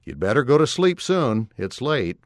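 A man reading as a calm, steady father. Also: mid-range voice, normal speed, dry recording, studio quality, natural voice. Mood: gentle.

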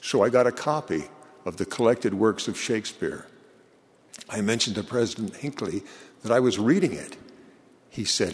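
A man's voice: lowish voice, lively intonation, long reverb tail, a little hiss or hum. Older man giving an earnest sermon. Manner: slow, measured and earnest. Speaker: church leader giving a eulogy.

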